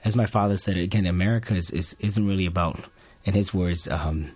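A man telling a personal family story to an audience, earnest and halting, often restarting his sentences. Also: low-pitched, steady tone, darkish tone, dry recording.

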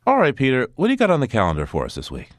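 A man's voice: medium pitch, wildly swooping pitch, very fast, dry recording, clean studio sound. A man hosting a radio show, introducing a regular guest and trading wry banter with him. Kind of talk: scripted radio interview.

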